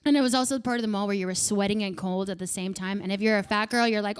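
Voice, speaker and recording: A woman in her thirties doing stand-up with crowd work, profane and animated, bursting into shouts. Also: mid-range voice, fast, few pauses, clean tone. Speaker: stand-up comedian.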